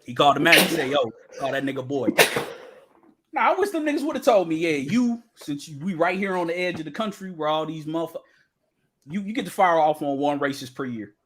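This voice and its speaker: A young man co-hosting a podcast, telling stories in a loud, profane, laughing casual chat. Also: fairly high pitch, quick pace, a little hiss or hum. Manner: animated storytelling, profane, laughing. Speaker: podcast co-host.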